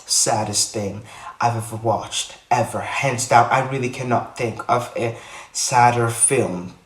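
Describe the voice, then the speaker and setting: A man vlogging to the camera in casual chat, rambling and repeating himself with animated bursts. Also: mid-range voice, a little slow. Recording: echoey room, a bit far from mic.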